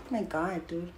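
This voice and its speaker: In an echoey room, a young woman talks during a live stream, her casual chatter meandering, packed with filler words and curses. She has a fairly low-pitched voice, with slight background noise.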